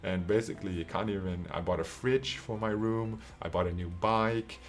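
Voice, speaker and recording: A Dutch man in his twenties tells a story in a slightly low voice. His delivery is casual and laced with swearing. He keeps checking in with the listener, tagging lines with a quick "right?". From Netherlands. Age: 20s. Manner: casual and profane, often tags lines with "right?". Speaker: online coach.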